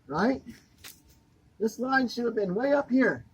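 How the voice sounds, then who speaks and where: In a slow, animated delivery, a man with a very high, slightly rough voice rants sarcastically and angrily while crawling under a home to show off a botched installation. He's the homeowner, filming an annoyed walkthrough vlog. Audio quality is poor.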